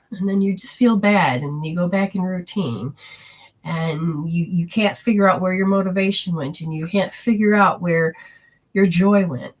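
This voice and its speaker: A woman with a husky, slightly breathy voice teaches about healing and the body. She speaks earnestly and often slips into quoted inner voices to make her point. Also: on the low side. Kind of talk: teaching talk with personal stories.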